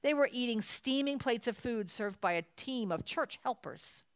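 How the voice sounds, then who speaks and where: At a church service, a woman reads a children's Christmas story aloud with lively expression at a moderate pace. Her voice is fairly high, smooth and clear, and the recording is close and dry with no echo.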